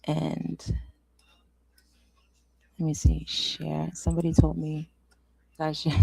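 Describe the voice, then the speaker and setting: Woman streamer, casual rant, low gravelly voice, dry close sound, swears and whispers asides. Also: monotone, slow, darkish tone, no room sound. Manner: frustrated, swears, drops to whispers. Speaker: livestream host. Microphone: desk microphone.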